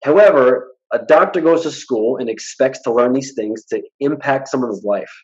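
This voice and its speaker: A man's voice: medium pitch, normal speed, muffled recording. A man guesting in a casual interview, talking bluntly and acting out the people he quotes. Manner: blunt, animated storyteller who acts out quoted dialogue. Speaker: hypnotist guest.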